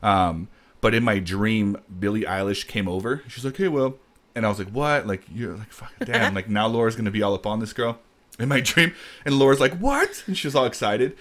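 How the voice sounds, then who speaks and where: A man hosting a casual podcast, telling a story in a rambling, animated way. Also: fairly low pitch, brisk. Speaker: podcast host. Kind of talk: casual chat.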